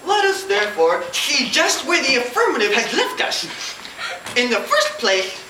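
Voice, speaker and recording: A woman's voice: high-pitched, sing-song, moderate pace, echoey room, recorded from a distance, noisy background. Woman giving a mock-grand comic speech. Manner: mock-grand oratory, garbled history. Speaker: competition speaker.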